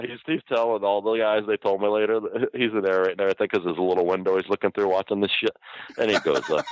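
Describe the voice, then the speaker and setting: A man's voice: on the low side, fairly even intonation, fast talker, noisy background. An older man, a guest, telling a rambling, profane anecdote in casual chat and laughing as he goes.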